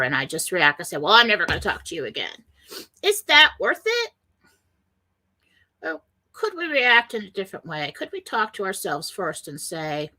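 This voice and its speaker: A woman's voice: medium pitch, bright, forceful tone. A middle-aged woman hosting a spiritual self-help radio talk, speaking earnestly and rambling a little, sometimes acting out panicked voices. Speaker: radio show host.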